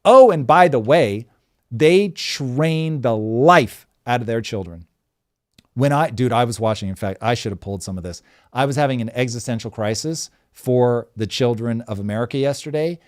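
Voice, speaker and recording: A man's voice: mid-range voice, lively intonation, moderate pace. A middle-aged man hosting a show, riffing with emphatic, sarcastic energy and the odd swear. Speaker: show host. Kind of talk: animated commentary chat.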